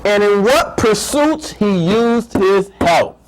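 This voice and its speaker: A middle-aged man, an imam, giving a playful, animated faith-based lecture to a live audience, often repeating words as he builds a point. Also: sits high, slow, noisy background.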